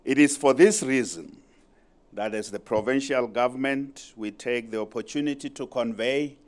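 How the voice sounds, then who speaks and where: A middle-aged South African man giving a formal public speech as a provincial premier, measured and emphatic, repeating his key points. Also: mid-range voice, darkish tone.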